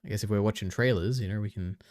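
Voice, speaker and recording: A man's voice: fairly low pitch, quick pace, a little mellow, no echo, clean studio sound. A young man streaming, reacting to videos in an offhand, chatty way and thinking aloud.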